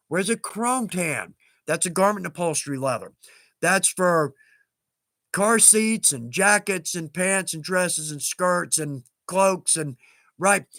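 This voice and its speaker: Chatting casually on his leathercraft livestream, a man keeps interrupting himself, starting over, wandering off topic and chuckling at his own remarks. His voice is slightly high, bright and pushed, with vocal fry, and the audio has no echo.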